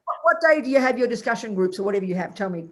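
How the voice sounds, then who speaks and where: An older woman with an Australian accent teaches a class as a Buddhist nun. Her voice is husky and a little breathy, and her delivery is blunt and colloquial, full of teasing endearments. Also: medium pitch, animated, very fast. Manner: blunt, colloquial, teasing, calls listeners darling and sweetie pies.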